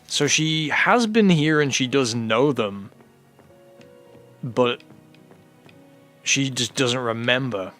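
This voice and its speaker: A young man streaming a horror game, chatting in a relaxed, rambling way and often saying "you know". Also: medium pitch, takes it slowly, long pauses, faint music behind. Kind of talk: casual let's-play chat.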